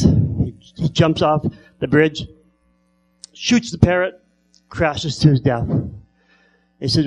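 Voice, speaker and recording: Guy with a stutter doing standup, fairly high voice, lots of restarts. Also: gravelly, darkish tone, husky, poor audio. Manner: stutters, with repeated starts and drawn-out pauses. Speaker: stand-up comedian. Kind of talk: stand-up storytelling.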